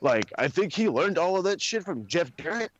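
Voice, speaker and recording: A man's voice: sits high, normal speed, lo-fi sound, a little hiss or hum. A man co-hosting a wrestling podcast in casual chat, ranting with lots of swearing. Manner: profane, ranting, animated.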